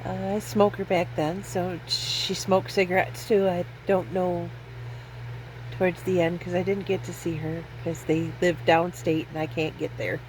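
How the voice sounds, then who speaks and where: Rambling, slow-talking woman in her fifties. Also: lowish voice, level tone, a little mellow, slight background noise, poor audio. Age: 50s. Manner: rambling, self-deprecating, laughs often. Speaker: vlogger. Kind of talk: casual storytelling vlog.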